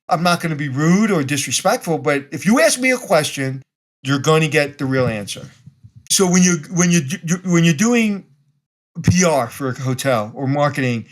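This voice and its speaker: A man from Brooklyn speaks as a podcast guest. His voice sits somewhat high for a man. He talks bluntly and directly, and he acts out little scenes of dialogue. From Brooklyn, New York. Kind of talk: casual interview conversation.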